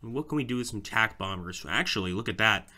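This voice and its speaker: A man's voice: on the low side, animated, a little fast. Chatty man narrating a strategy game. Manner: chatty, thinks aloud, keeps addressing viewers as guys. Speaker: let's play host. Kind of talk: casual gameplay commentary. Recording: loud background noise.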